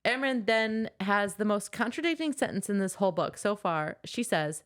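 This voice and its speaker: A woman's voice: mid-range voice, moderate pace, hardly any pauses, clean tone. Woman animatedly retelling a book plot. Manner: animated retelling, acts out quotes. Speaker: podcast co-host. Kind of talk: casual book-club chat.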